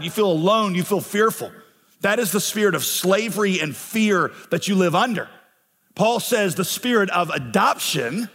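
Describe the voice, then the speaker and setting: A man's voice: high voice, expressive, normal speed, a bit bright, slightly rough, big-room sound. A man preaching a sermon as pastor, earnest and building in passion on key phrases. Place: church sanctuary.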